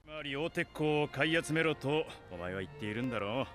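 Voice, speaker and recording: An actor plays a cautious grown shopkeeper in an anime, blunt and skeptical of a risky deal. He talks very fast. Faint soundtrack music sits behind him. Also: on the high side, expressive, close to an everyday voice. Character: grown male shopkeeper merchant, gruff and cautious.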